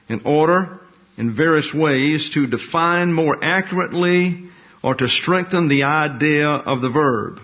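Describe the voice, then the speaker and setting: A man teaching a Bible lesson in a slow, deliberate, explanatory way, repeating key words for emphasis. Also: on the high side. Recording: dull lo-fi recording.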